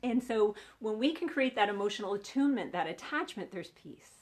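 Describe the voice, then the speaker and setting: A woman's voice: medium pitch, lively intonation, fairly quick, darkish tone. A woman relationship coach giving an earnest teaching talk, explaining and asking her audience questions.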